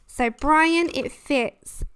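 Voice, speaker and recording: A woman's voice: high voice, drawn-out words, fairly bright tone. A woman hosting a casual colouring livestream, chatting and giggling as she reads the chat. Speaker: livestream host.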